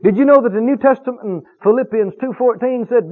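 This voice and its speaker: A man preaching a sermon, emphatic and animated, stretching key words for effect. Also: high voice, fast, few pauses, slightly rough. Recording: tinny phone-like radio broadcast.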